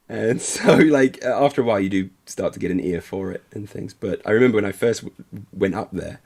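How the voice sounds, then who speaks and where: Brief: man, low gravelly voice, rambling self-deprecating stream chat. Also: brisk, few pauses, a little mellow. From Essex, England. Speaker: livestream co-host. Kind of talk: casual chat while painting.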